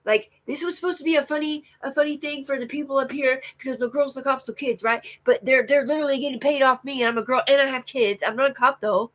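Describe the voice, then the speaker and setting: A woman's voice: sits high, fairly even intonation, fast, few pauses, fairly bright tone, rough recording. Woman, live-stream vlog, rambling, lots of fillers, restarts, swearing. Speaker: vlogger.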